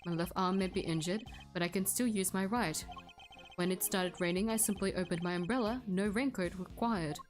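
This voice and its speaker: A woman voices a mild, evasive ice cream vendor, as she reads through a mystery game. The voice sits a little low and moves at a careful pace. Gentle music plays faintly behind. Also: moderate pace, natural voice. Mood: polite. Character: soft-spoken male ice cream seller, polite and evasive.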